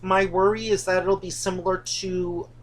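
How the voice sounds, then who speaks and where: A woman's voice: on the low side, little pitch movement, normal speed, a little hiss or hum. A woman co-hosting a casual chat about theme park rides, teasing and chatty, recorded indoors. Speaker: co-host of a coaster channel. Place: indoors, dim room at home.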